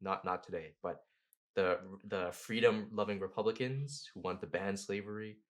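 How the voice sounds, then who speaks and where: A man, a podcast guest who tells history as animated, slangy stories and laughs often. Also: lowish voice, normal speed. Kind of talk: casual podcast conversation.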